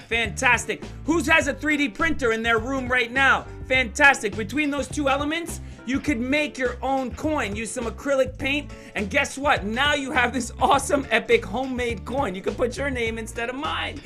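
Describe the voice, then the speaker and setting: A man performing a playful, animated magic show for schoolchildren over a video call, teasing and cheering the kids on. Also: very high voice. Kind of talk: virtual kids' magic show.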